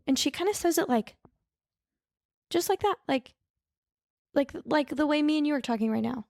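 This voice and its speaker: Chatty woman with a gravelly voice. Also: sits high, lively intonation, moderate pace, a little mellow, no room sound, clean studio sound. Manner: chatty, mixes up names and corrects herself. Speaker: podcast co-host. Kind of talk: casual true-crime storytelling.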